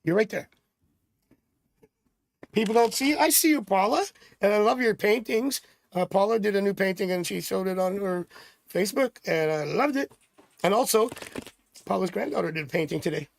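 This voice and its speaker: A man's voice: high-pitched, brisk, vocal fry. A middle-aged man from Canada doing a live tarot reading, chatty and rambling with jokey asides. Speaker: tarot reader.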